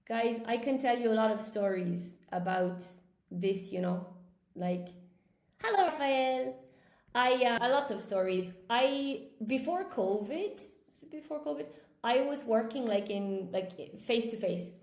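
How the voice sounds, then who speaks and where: A woman's voice: on the high side, unhurried, darkish tone. A woman English teacher telling a personal story in a casual live lesson, greeting viewers by name as she goes. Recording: echoey room.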